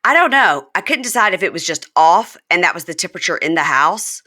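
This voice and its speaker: A woman hosting a casual reality-TV chat, bright and forward in tone. Her natural pitch is a touch low, but when she quotes people she jumps into big, animated put-on voices. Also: brisk. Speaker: podcast host.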